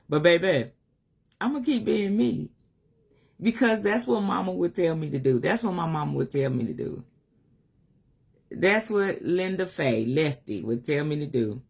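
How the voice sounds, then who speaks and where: A woman, talking heartfelt and unscripted on a livestream, weary at times, laughing at others, swearing freely. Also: sits low. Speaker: spiritual life coach on a live stream. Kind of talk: emotional casual livestream monologue.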